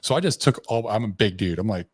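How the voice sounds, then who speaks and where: Low-voiced man telling a blunt story. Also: lively intonation, fast, husky, no echo. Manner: blunt, profane, frequent restarts, slangy. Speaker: podcast guest. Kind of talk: candid personal storytelling.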